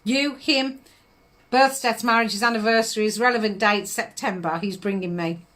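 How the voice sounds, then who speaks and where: Middle aged lady doing psychic readings live, chatty, laughs a lot, calls everyone darling, bit high voice. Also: fairly even intonation, normal speed, fairly bright tone. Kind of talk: live-stream chat.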